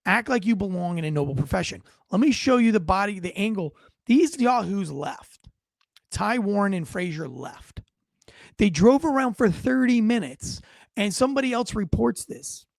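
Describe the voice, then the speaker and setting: A man's voice: high voice, lively intonation, normal speed, gravelly, no echo, clean studio sound. A middle-aged man, a former police officer, giving blunt, profane and indignant video commentary.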